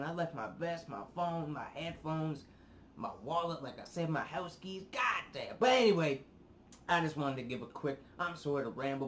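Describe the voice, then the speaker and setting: There's a little hiss or hum behind this medium-pitched male voice. He's a young man hosting a reaction vlog, casually ranting at his audience while swearing frequently and getting animated and worked up.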